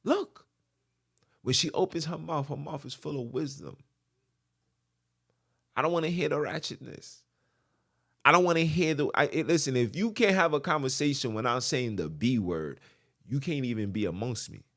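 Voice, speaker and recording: Male podcast host, preachy monologue, emphatic and repetitive, medium pitch. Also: normal speed, vocal fry, long pauses, fairly bright tone. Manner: emphatic, repetitive, asks the listener "right?".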